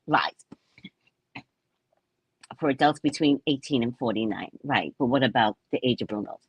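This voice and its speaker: A woman's voice: low-pitched, unhurried, long pauses, husky, no echo. An older woman hosting a show, telling a story in a casual monologue and acting out the voices of the people in it, swearing freely. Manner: animated, acts out voices in quotes, swears. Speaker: host.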